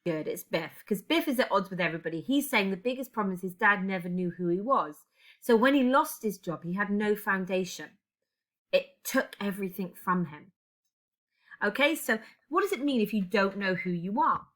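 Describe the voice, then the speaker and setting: A woman's voice: mid-range voice, animated, normal speed, a bit bright. A woman English teacher recording a lesson, guiding students step by step with reflective questions.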